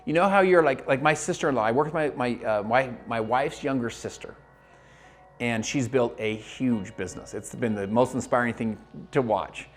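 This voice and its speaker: Speaking straight to camera in a motivational video, an energetic network marketing coach talks fast in a mid-pitched voice. He acts out the voices of people in his stories, with faint music playing underneath.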